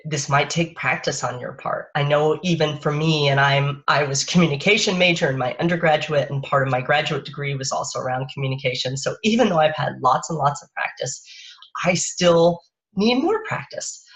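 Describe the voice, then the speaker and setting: A woman parenting coach giving a live-streamed talk in a soft, unhurried, lulling way, speaking into a webcam or phone. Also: deep voice. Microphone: webcam or phone on a live video stream. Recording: dull lo-fi stream audio.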